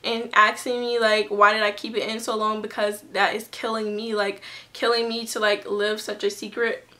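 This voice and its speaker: A woman's voice: medium pitch, level tone, moderate pace, pushed and bright. A young woman telling a personal story to her camera in a casual, chatty way, full of fillers and restarts. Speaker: vlogger.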